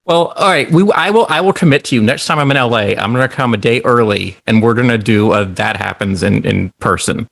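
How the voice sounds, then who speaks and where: A man's voice: mid-range voice, fairly quick, creaky, few pauses, a bit bright, no echo. A man co-hosting a podcast over a video call, easygoing and chatty. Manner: easygoing, talkative storyteller. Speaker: podcast co-host. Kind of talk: casual chat.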